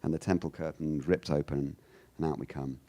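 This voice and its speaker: A man from the United Kingdom giving a lecture, animated, often restarting his sentences and acting out quoted lines. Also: extremely low pitch, a little fast. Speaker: speaker giving a talk.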